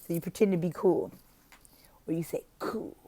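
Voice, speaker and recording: A woman hosts a casual teaching vlog as an online teacher, playful and laughing often as she acts out chants. Her voice is lowish, steady, warm, and fairly quick. She lives in Oklahoma but isn't originally from there.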